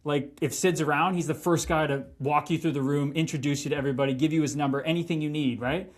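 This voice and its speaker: Speaking fast with a fairly high pitch, this former professional hockey player, a man in his thirties, curses liberally while spinning stories during a laid-back podcast interview. His delivery is lively and full of profanity.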